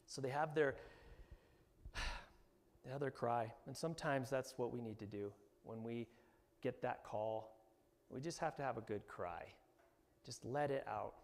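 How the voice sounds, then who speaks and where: A man preaching a sermon as pastor, animated and often rising to emphatic bursts. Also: medium pitch, unhurried, pauses often. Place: church hall. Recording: long hall reverb.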